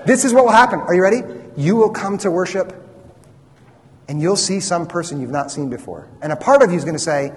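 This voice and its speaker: A man's voice: high-pitched, expressive, a little fast. Young male pastor, emphatic and repetitive sermon delivery, reverberant sanctuary. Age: young adult. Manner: earnest, emphatic preaching with repetitions. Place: church sanctuary. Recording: church hall reverb.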